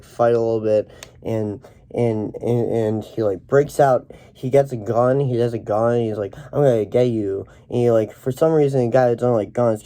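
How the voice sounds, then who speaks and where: A young man rambling through a deadpan parody movie review, full of halting restarts and fillers. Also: medium pitch. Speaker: comedic reviewer.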